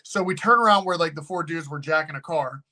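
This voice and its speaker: Animated, swearing man telling a story. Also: a little high, brisk. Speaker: haunted location owner, guest. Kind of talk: casual storytelling.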